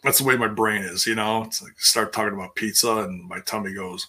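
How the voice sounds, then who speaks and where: A man chatting casually through a wrestling show recap, rambling, restarting sentences and putting on higher voices for quotes. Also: fairly even intonation, brisk, few pauses, sharp tone. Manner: rambling and self-interrupting, acts out quotes in a higher voice.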